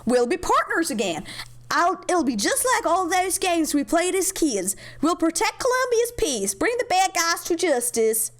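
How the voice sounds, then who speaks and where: A woman's voice: very high voice, sing-song, a little slow, pitched above the performer's own voice, heavily acted. A woman voicing a stern female police officer with an American accent, scolding and sarcastic in a game cutscene.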